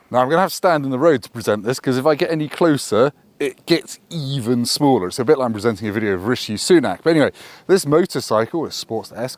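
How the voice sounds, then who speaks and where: A man giving a casual, joking review to camera outdoors by a road, full of self-deprecating asides. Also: mid-range voice. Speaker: motorcycle reviewer.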